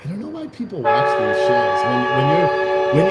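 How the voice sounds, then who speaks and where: A man's voice: mid-range voice, wildly swooping pitch, normal speed, over loud music. A man hosting a casual livestream, rambling bluntly with profanity and restarts while reading out chat comments. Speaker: livestream host.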